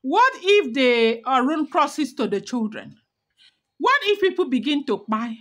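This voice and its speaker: A woman's voice: high-pitched, big pitch swings, a little slow, a bit bright, heavily acted. A pleading elder man, read by a woman. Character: frightened elder man begging forgiveness.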